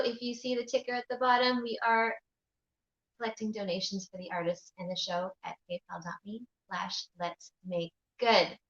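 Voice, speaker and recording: A woman's voice: a little high, a bit bright, roomy sound, highs cut off. A woman hosting an online music stream, introducing the show in an upbeat, chatty way. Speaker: host.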